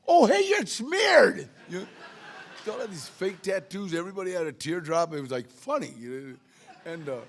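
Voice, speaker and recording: Gravelly streetwise man. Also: on the high side. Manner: streetwise storytelling, acts out dialogue. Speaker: AA speaker. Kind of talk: recovery meeting share, storytelling.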